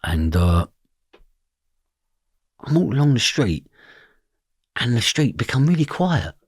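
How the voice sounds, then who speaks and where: A man's voice: mid-range voice, sing-song, measured pace, breathy edge, no room sound, clean studio sound. A man telling a story from his past, blunt and swearing freely, often asking "do you know what I mean". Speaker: podcast guest. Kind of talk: personal storytelling.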